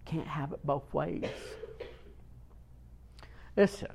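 A man preaching a sermon, emphatic and dramatic, swinging from hushed phrases to loud ones. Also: fairly high pitch, gravelly. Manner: emphatic, swings from quiet to loud, long pauses.

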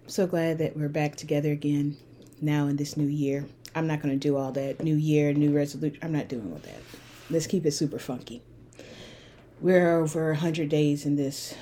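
A woman with a lowish voice hosts a solo podcast, speaking earnestly and reflectively. Her delivery turns impassioned and heated as she goes on. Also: mellow, slight background noise. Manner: earnest, impassioned, rising to anger. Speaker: podcast host.

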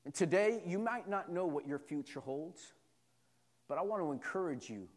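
A pastor preaching a sermon, moving from quiet personal storytelling to loud, repetitive call-and-response preaching. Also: male voice, fairly high pitch, lively intonation, normal speed, long reverb tail.

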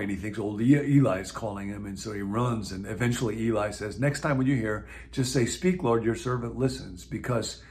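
A man in his sixties from the US Midwest, a pastor talking reflectively to camera in a video series with a conversational, musing manner and gentle asides. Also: on the low side, slight background noise. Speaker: pastor and teacher.

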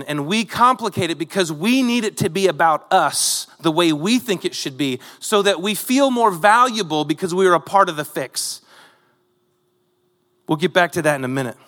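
A man's voice: sits high, fairly bright tone, long reverb tail. A man preaching a sermon, retelling a Bible story in a conversational way with rhetorical asides to the congregation. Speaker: pastor.

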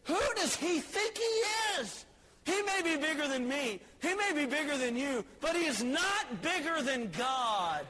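A male preacher voicing a young shepherd boy who shouts indignant challenges at a giant. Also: very high voice, lively intonation, unhurried, a little hiss or hum, full character voice. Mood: defiant.

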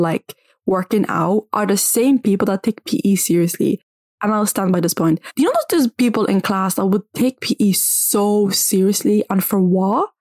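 A young woman vlogger ranting casually to camera, blunt and animated, with "like" in almost every phrase. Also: mid-range voice, dry recording, clean studio sound. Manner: blunt, animated, says "like" constantly.

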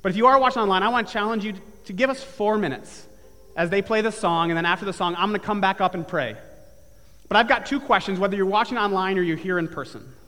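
A man's voice: high voice, quick pace, a bit bright, long reverb tail, faint music behind. A man preaching a sermon in church, telling a story earnestly and building to emphatic repeated phrases. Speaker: pastor. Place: church sanctuary with live and online congregation.

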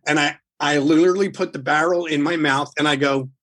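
Man, husky voice, pitched a bit high, rambling storyteller guest, loose and profane. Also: fairly quick. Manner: animated, rambling with restarts. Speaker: guest musician. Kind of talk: casual storytelling, swearing freely.

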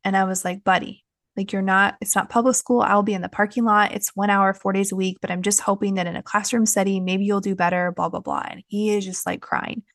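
A woman's voice: medium pitch, flat delivery, fairly quick, a bit bright, dry recording, clean studio sound. A woman, hosting a podcast and telling a personal story in a frank, chatty way with many fillers. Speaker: podcast host. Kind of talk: candid personal podcast talk.

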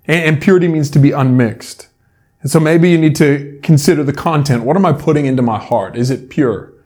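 A man's voice: a little high, a little mellow. A man preaching a casual, conversational sermon with a playful touch, using a soda can as a prop. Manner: conversational, playful, uses props. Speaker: pastor.

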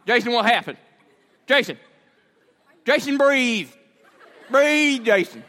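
A man doing a calm, hushed country dad. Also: moderate pace, in a large hall, some chatter behind. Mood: coaxing. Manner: low, hushed, reassuring.

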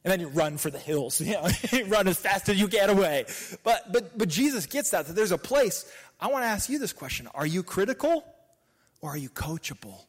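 A young man preaching a sermon, energetic and casual, repeating rhetorical questions and dropping slang. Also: high voice, brisk, slightly rough.

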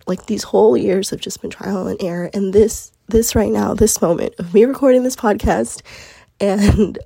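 A young woman talks earnestly on her own podcast, her voice groggy and husky from being under the weather. The tone is dark and mellow, recorded dry and close with no room sound. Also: medium pitch, no room sound. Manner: earnest, chatty, lots of fillers. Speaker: podcast host. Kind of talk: casual solo podcast talk.

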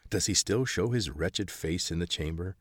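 A man voicing a bitter, secretive old man who hides in caverns, calm one moment and snappish the next. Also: low voice, normal speed, slightly rough, studio quality. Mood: urgent, scornful. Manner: calm but snappish, hacking cough. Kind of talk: audiobook character voice.

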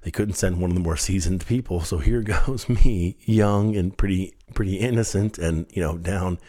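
A man hosting a podcast, telling a personal story in a lively way and laughing at himself now and then. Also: low voice, normal speed. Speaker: podcast host. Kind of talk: storytelling monologue.

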